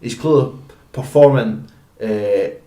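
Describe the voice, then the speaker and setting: In slow, mellow, lowish tones, a young man from Scotland rambles through a casual podcast conversation as co-host, full of fillers and false starts. The room he's in is echoey.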